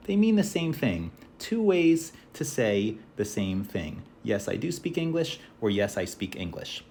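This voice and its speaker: A man teaching an English lesson, speaking slowly and clearly and modeling sentences for learners to repeat. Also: mid-range voice, a little mellow, a little hiss or hum. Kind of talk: class review lesson.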